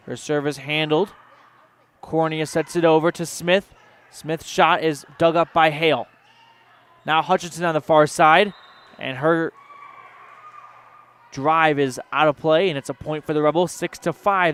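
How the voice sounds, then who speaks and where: On local radio, a play-by-play announcer calls a volleyball match in a smooth, clear, fairly bright voice that sits a little high. He rattles off the action rapidly and works sponsor names into his calls.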